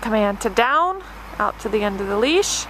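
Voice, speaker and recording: A woman's voice: mid-range voice, sing-song, normal speed, a bit bright, a little hiss or hum. A woman dog trainer narrating an obedience demonstration step by step, with a patient and encouraging manner. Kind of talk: instructional narration.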